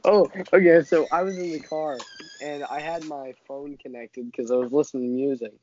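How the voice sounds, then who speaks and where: A man co-hosting a podcast, telling a story in a relaxed, chuckling way. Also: on the high side, normal speed. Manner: laid-back storytelling, chuckling often. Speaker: podcast co-host. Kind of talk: casual chat. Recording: dull lo-fi audio with faint hiss and clicks.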